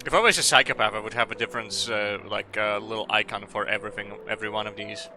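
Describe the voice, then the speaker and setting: A man's voice: on the low side, fairly even intonation, fast talker, pushed and bright, soft background music. A man streaming a video game, rambling and joking with frequent laughter and swearing. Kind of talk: casual gaming stream commentary.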